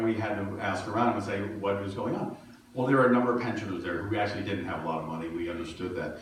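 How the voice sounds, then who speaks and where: A man's voice: fairly low pitch, slight background noise. A middle-aged male minister giving a sermon in a conversational, storytelling way with self-deprecating humor. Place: church sanctuary. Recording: echoey hall from far off.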